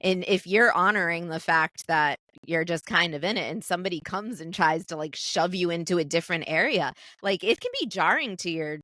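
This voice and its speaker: A woman's voice: on the low side, a little fast, hardly any pauses, bright, forceful tone, dry recording. A woman co-hosting a casual podcast over a remote call, playful and supportive, with vivid examples. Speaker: podcast co-host.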